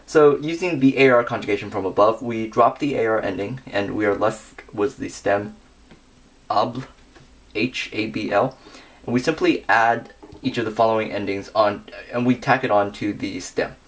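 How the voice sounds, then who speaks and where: A young man giving a scripted grammar lesson, working through verb endings slowly and methodically. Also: lowish voice. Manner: methodical, reads conjugations slowly with pauses.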